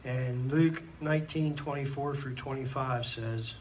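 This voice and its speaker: A man's voice: medium pitch, steady tone, unhurried, darkish tone. Preacher man heard from a distance. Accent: Pennsylvania American. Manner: earnest, reads scripture aloud with frequent amens. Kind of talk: sermon. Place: church hall. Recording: distant mic in a church with faint room noise.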